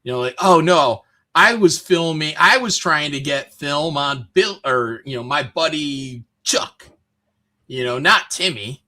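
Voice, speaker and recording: Man host from Michigan, somewhat high, bright voice, rambling swearing rants in loose chat. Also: lively intonation, a little slow. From Michigan, USA. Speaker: streamer host. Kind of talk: casual chat.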